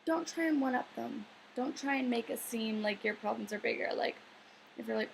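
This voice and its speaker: A woman's voice: on the high side, brisk, gravelly, slight background noise, low-quality recording. A young woman in a casual advice vlog, earnest and rambling, with many filler words. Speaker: vlogger.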